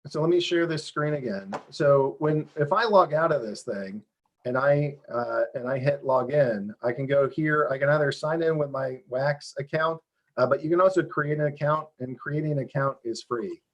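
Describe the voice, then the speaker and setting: A man being interviewed over a video call, explaining how his game works in a lively, fast, self-interrupting way. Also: fairly high pitch. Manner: animated, talks fast with many restarts and fillers. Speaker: game developer guest.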